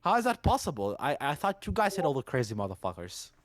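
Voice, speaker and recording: A young man co-hosting a podcast, joking in crude, animated banter. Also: medium pitch, fast talker, over a noisy crowd. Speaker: podcast co-host. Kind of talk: casual chat.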